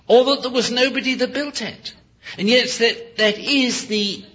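A man preaching a sermon, emphatic and full of rhetorical questions, often pausing to correct himself with apologies. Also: high-pitched, a bit bright, breathy edge. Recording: dull lo-fi recording.

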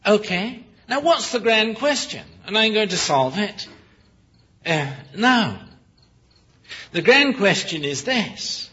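Husky high-voiced man, sermon, emphatic rhetorical questions, dull lo-fi recording. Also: expressive, takes it slowly, pushed and bright. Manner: apologetic self-corrections. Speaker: preacher.

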